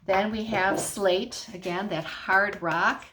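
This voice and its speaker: A woman's voice: mid-range voice, steady tone, takes it slowly, heavy background noise. A middle-aged woman teacher explaining a science lesson at home in a patient way, often checking in with the class.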